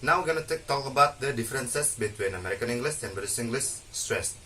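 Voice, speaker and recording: Young guy student explaining stuff, bright voice, kinda far from the mic. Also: medium pitch, lively intonation, fast talker, a little hiss or hum. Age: young adult. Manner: hesitant, with restarts and fillers. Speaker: student presenter. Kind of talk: explaining from notes in a class presentation.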